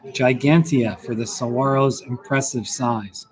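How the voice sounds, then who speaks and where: A man's voice: mid-range voice, steady tone, a little slow, rough recording. A man hosting a casual stream, reading aloud from a book and breaking off to comment on the pictures and laugh. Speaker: host. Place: coffee shop. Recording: busy café with crowd chatter. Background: crowd chatter.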